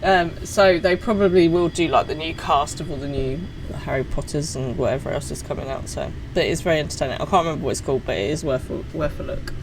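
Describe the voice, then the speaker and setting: A woman's voice: deep voice, quick pace, hardly any pauses, faint music behind, low-quality recording. A woman streaming a game, chatting casually and teasing herself. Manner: chatty, self-mocking. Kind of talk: casual gameplay commentary.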